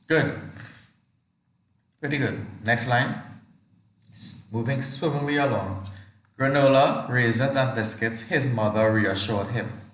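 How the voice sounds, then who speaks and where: A man's voice: mid-range voice, fairly bright tone. A male teacher running an online exam revision class, asking students many questions and reading sentences aloud to show intonation. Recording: echoey room, distant mic.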